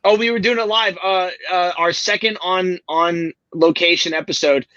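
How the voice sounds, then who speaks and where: A man's voice: high-pitched, steady tone, moderate pace, bright, forceful tone, dry recording, muffled recording. A man hosting a podcast, rambling through profane stories in casual chat. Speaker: podcast host.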